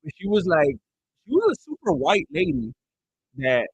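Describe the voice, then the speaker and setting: A man's voice: high voice, huge pitch swings, moderate pace, slightly rough, muffled recording. A man streaming a fight watch-along, chatting casually and rambling through stories between reactions. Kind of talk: casual live commentary.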